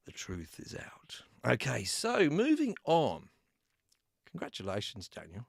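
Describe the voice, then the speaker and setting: A man's voice: medium pitch, wildly swooping pitch, slow, creaky, breathy edge, no echo, clean studio sound. An Australian man hosting a live giveaway stream, chatting casually, laughing often and reading out names from the chat. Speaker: YouTube host running a live giveaway.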